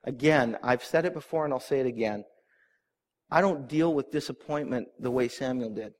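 A middle-aged man preaching a sermon, earnest and animated, with asides to the congregation. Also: mid-range voice, normal speed. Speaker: pastor.

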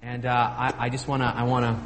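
A mighty biblical warrior in a rush, talking plainly and urgently, as a preacher puts him on in the middle of a sermon. The voice rings through a long hall reverb with a faint hum underneath. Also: male voice, medium pitch, completely flat delivery, a bit bright, close to an everyday voice. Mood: hurried. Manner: plain, hurried, conversational. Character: mighty biblical warrior man, hurried and earnest.

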